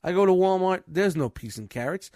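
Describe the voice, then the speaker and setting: A man's voice: high voice, lively intonation, fairly quick, darkish tone, dry recording, clean studio sound. A man in casual chat, venting about his retail job with constant swearing.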